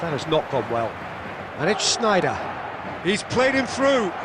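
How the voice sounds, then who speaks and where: A man voicing a male football play-by-play commentator in a video game, calling the match with lively swings up to excited shouts. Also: on the high side, a little slow, a loud crowd, very noisy. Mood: measured.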